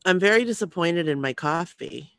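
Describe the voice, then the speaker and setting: A woman's voice: fairly low pitch, lively intonation, moderate pace, very noisy. A woman co-hosting a podcast, chatting casually with many restarts over a glitchy internet call. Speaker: podcast co-host. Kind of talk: casual chat. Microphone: remote call over glitchy internet.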